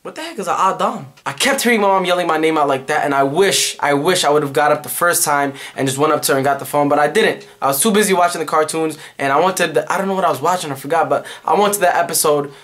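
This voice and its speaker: Young man, twenties, vlogger, fast, slightly high, animated comic storytelling. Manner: animated, fast-talking, acts out quotes.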